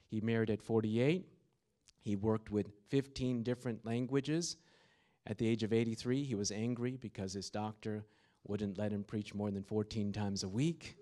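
A man giving a sermon, opening with a prayer and then telling a travel story, moving from quiet storytelling to emphatic fervor. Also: on the low side, steady tone, moderate pace. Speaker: preacher. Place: university chapel or hall.

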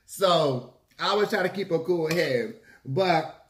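A man telling a story casually to his viewers, lively and swearing freely. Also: fairly high pitch, slow pace, a little hiss or hum. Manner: animated, acts out quotes, swears freely. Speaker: mukbang vlogger. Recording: echoey room.

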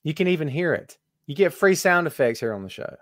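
Brief: middle-aged male host, playful teasing patter, lively high voice, dry close mic. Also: brisk, no echo. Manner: jokey, teasing, greets viewers by name. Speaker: podcast host. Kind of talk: live-stream wrestling podcast chat. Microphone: webcam live stream.

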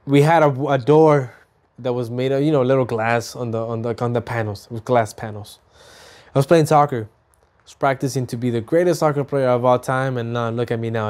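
In a casual to-camera vlog, this Mexican man in his thirties animates his stories by playing both himself and his mom, his pitch springing way up for each. His speech is full of repeats and fresh starts.

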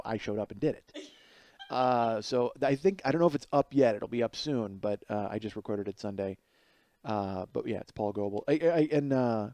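A man in his forties hosting his own podcast, telling a rambling comic story that climbs higher and louder as he gets worked up. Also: no room sound. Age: 40s. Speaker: podcast host. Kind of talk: casual comedic monologue.

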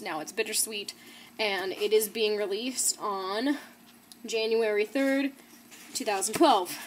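A woman's voice: medium pitch, slight background noise. A young woman in her teens hosting a casual book haul vlog, bubbly and gushing, with giggles and fillers. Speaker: book vlogger. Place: indoor room, not her usual one.

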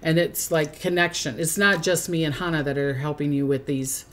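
A woman's voice: deep voice, steady tone, moderate pace, a little hiss or hum. A woman co-hosting a retreat talk in casual chat, emphatic and prone to repeating her phrases. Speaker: retreat co-host.

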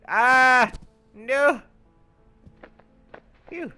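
A man giving goofy, boastful let's-play commentary, shouting when excited, with game music behind. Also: on the high side, moderate pace, smooth. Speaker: gaming channel host.

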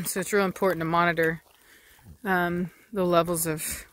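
A woman's voice: fairly low pitch, a little slow, slight background noise. A woman, a dog breeder talking casually to camera while firmly shushing and commanding her dogs. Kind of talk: casual vlog narration.

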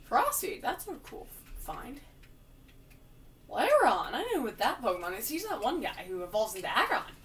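A woman giving casual, jokey commentary while she plays a video game, with sudden loud outbursts. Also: medium pitch, big pitch swings, moderate pace, distant mic. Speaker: gamer playing through a video game.

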